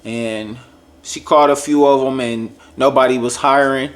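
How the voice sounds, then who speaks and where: A man's voice: medium pitch, moderate pace. Guy vlogging a story to his viewers, talks casual and playful, acts out what people said, medium voice. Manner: lively, jokey storytelling that acts out other people's lines; addresses viewers directly and casually. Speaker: vlogger sharing a faith testimony.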